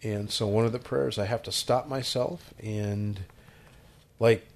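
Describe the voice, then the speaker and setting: Relaxed, joking co-host. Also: male voice, lowish voice, a little slow, creaky. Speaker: podcast co-host. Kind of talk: casual chat about sermon questions.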